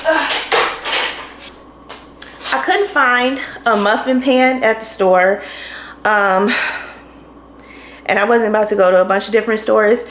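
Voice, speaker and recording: A woman's voice: medium pitch, measured pace, long pauses. Young woman vlogging in her kitchen, out of breath and tired, chatty, bit of room echo and faint background hum. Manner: tired, chatty, laughing often. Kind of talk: casual vlog chat. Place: home kitchen, indoors. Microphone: camera on tripod.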